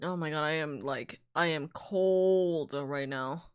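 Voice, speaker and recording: A VTuber streamer with a low, slow, clean-toned voice chats casually on a live stream. She rambles and interrupts herself with asides while reading out chat messages and thanking viewers.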